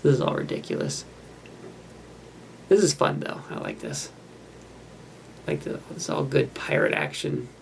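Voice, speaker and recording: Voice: medium pitch, huge pitch swings, a little slow, vocal fry, long pauses, slight background noise. A host giving casual running commentary over a film while building a model kit. They ramble in an offhand, self-mocking way.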